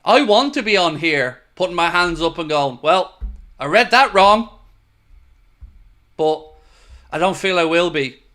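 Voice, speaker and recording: A man's voice: sits high, lively intonation, measured pace, long pauses, a bit bright. A man hosting a live fan stream, reading viewer messages and answering them in a frustrated, emphatic way, swearing now and then. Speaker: fan channel host.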